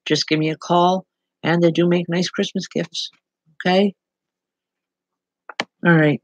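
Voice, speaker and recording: A woman's voice: lowish voice, level tone, measured pace, no room sound, rough recording. A woman working as a medium, giving spirit readings online and speaking directly to people by name in an earnest, plain-spoken way.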